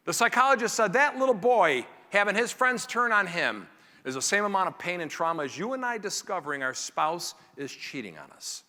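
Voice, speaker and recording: Animated man giving a keynote in a hall. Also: high voice, a little fast. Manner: animated, acts out family scenes in character voices. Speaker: keynote speaker. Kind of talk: motivational keynote speech. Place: large conference hall. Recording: reverberant hall.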